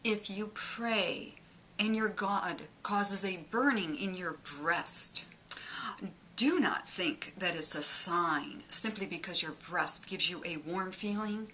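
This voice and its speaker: Slow, bright-voiced Detroit woman. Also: medium pitch, slight background noise. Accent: Midwestern, Detroit. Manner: dry, mock-earnest warnings. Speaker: comic monologist. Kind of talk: deadpan comedic monologue.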